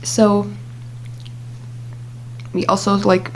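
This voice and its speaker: A woman's voice: mid-range voice, monotone, very slow, slight background noise. A young adult woman vlogger telling a casual story in a chatty way, full of fillers and asides.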